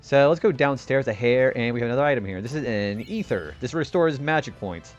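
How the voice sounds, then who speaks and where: Brief: a laid-back young man streaming games, casual and animated, with soft background music. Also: mid-range voice, a little fast, muffled recording. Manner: chatty and laid-back, greets viewers, laughs often. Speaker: game streamer. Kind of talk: casual live-stream commentary.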